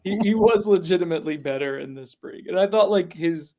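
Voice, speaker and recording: A man's voice: high-pitched, brisk, a little mellow. Rambling man on a football podcast. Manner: rambling, filler-heavy, lots of "like". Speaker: college football podcast co-host. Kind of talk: casual podcast chat.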